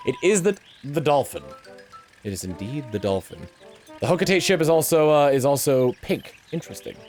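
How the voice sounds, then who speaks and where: A man's voice: on the high side, a little mellow. A young man talking casually on a game livestream, rambling with lots of fillers and restarts. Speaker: game streamer.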